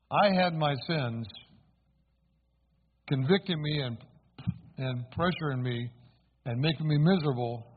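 A man with a slightly high, husky voice tells his story in a sermon. He speaks earnestly and turns to the congregation with questions. The sound is thin and tinny, like a phone line. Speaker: preacher giving testimony. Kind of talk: sermon testimony.

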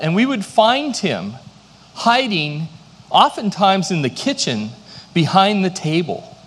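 A man's voice: sits high, very animated, a little slow, in a large hall. A middle-aged man, a pastor, preaching a sermon with storytelling and self-deprecating humor.

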